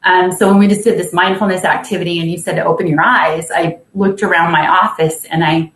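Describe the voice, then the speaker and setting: A woman working as a caseworker and peer support trainer, sharing in a halting way with many fillers and soft laughs from her office on a video call. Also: lowish voice, fairly even intonation, echoey room, poor audio. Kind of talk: sharing in an online group session.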